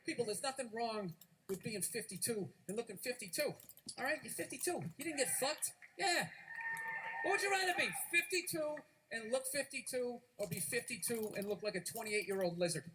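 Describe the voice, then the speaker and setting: A man's voice: extremely high pitch, brisk. A man doing a profane, mocking stand-up routine before a live audience. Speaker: stand-up comedian. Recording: live recording with clear background noise.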